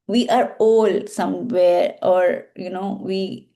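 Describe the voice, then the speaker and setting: A woman healer leading a guided practice, reciting affirmations slowly and deliberately, with casual asides to her viewers. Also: on the low side, fairly even intonation, dark tone.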